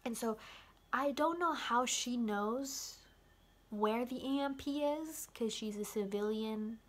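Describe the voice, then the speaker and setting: Young woman vlogger rambling about a movie ending, kinda high voice, says like a lot. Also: slow pace. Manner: rambling, heavy use of "like", excited asides. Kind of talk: casual film recap.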